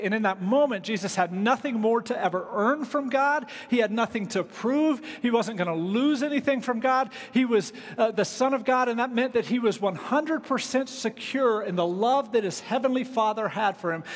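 A man preaches to his congregation in an easygoing, chatty manner, tossing in casual asides. His voice sits high for a man. The sound carries the long reverb of a large church sanctuary. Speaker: pastor. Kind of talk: sermon.

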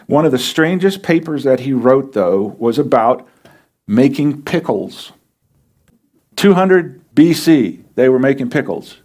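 A man's voice: medium pitch, a little mellow. A pastor preaching a sermon in a plain, conversational way, asking his listeners questions as he explains scripture.

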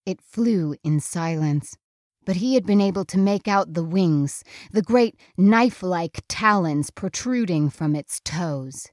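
A woman narrating a storybook in a slow, dramatic and suspenseful way. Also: fairly low pitch, lively intonation, a little mellow, dry recording, clean studio sound.

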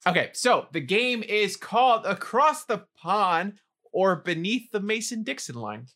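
A man in casual podcast banter who laughs often as he explains a game he made. His pitch moves a lot, rising and falling as he talks. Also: very animated, measured pace, pushed and bright. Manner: giggly, explains game rules. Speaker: podcast co-host running a game.

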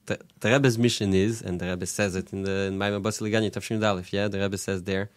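A man speaking as an interview guest, halting and searching for his words in a relaxed conversation. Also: on the low side, dry recording.

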